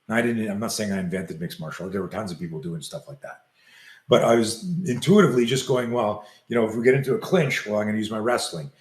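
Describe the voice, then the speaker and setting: A man's voice: fairly low pitch, fast talker. An older man, a self-defense coach, tells a long story in an interview and acts out the quoted lines as he goes. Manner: animated storyteller acting out quoted dialogue. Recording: roomy echo.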